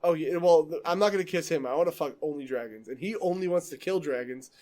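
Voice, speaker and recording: A young man hosting a casual podcast, excitable and foul-mouthed, laughing often as he tells stories. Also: fairly high pitch, fast. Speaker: podcast host.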